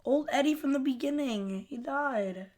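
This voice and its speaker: A woman's voice: high voice, normal speed, darkish tone. A young woman co-hosting a podcast in casual chat, teasing and laughing often. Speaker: podcast co-host.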